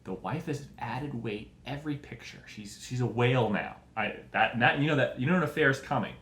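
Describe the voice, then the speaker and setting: A man hosting a show and delivering a profane comedic rant, animated and full of mock voices. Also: mid-range voice, fairly quick. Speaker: show host. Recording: echoey room.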